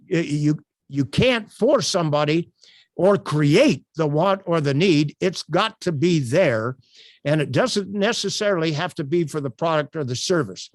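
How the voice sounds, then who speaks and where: An older man presenting a sales workshop over a video call, telling stories in an animated way with frequent fillers. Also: a little high, no room sound, studio quality. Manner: animated, projecting, storytelling with many fillers.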